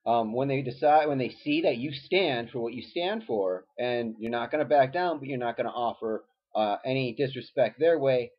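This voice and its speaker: A man's voice: medium pitch, normal speed, few pauses. A man, a former teacher, giving casual advice and telling stories in a conversational way with lots of fillers. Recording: dull lo-fi recording.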